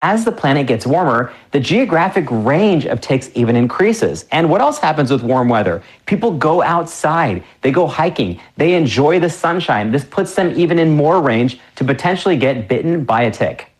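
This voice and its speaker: Low-voiced woman expert, lively intonation. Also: normal speed, few pauses. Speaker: medical expert. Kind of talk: interview sound bite.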